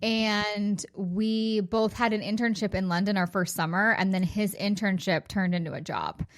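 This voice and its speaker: A talkative American woman in her forties, originally from California, speaks as a podcast guest. Her voice sits at an ordinary middle pitch, and she strings thoughts together with easy laughter and plenty of casual fillers. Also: moderate pace. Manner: chatty and upbeat, laughs often, peppers talk with "like". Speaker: guest, sobriety coach and author. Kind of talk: casual interview chat.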